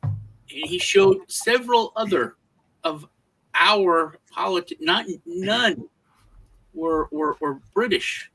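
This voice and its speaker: A man's voice: high voice, slow pace, vocal fry, breathy edge, soft background music, rough recording. An American man co-hosting a casual podcast discussion, telling stories with lots of restarts and repeated words. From United States. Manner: animated storyteller. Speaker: podcast co-host.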